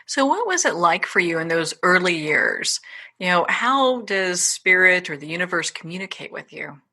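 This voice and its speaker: A woman's voice: fairly low pitch, very animated, normal speed, pushed and bright. A woman hosting an interview show, introducing her guest and asking questions with effusive enthusiasm. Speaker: interview host. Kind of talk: casual interview chat.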